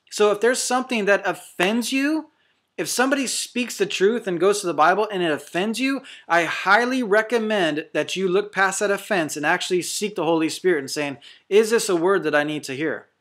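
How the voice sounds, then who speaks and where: A high-pitched man with a fairly bright tone preaches a sermon to camera as a deliverance minister. Fervent and confrontational, he hammers out short, repeated declarations.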